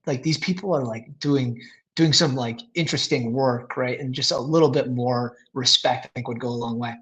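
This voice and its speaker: A man's voice: medium pitch, moderate pace, a bit bright, rough recording. A man talking casually as a podcast guest, rambling with lots of fillers and restarts.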